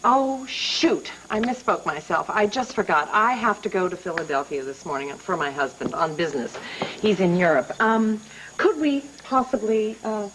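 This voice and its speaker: An actress playing a gracious hostess. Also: female voice, medium pitch, lively intonation, slight background noise, lightly acted, rough recording. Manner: warm-mannered, brisk, sociable. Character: gracious busy married woman. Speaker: welcoming hostess. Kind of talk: daytime soap acting.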